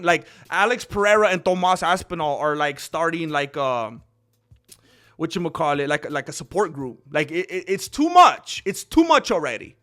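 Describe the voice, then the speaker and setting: A young man giving a casual, excitable commentary monologue, often laughing and acting out what others said. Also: fairly high pitch, normal speed. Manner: excitable, laughing, quotes others in put-on voices. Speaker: MMA commentary host.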